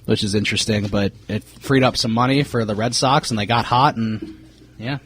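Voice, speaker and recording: A man's voice: lowish voice, normal speed, slight background noise. Laid-back male sports podcast co-host. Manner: relaxed, many fillers, reads off player signings. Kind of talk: casual sports chat.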